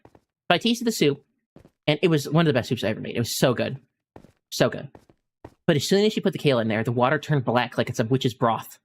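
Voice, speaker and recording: A man's voice: mid-range voice, slight background noise. A man telling a funny story in casual chat while streaming a game. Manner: animated anecdote-telling, often breaking into laughter. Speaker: gaming streamer.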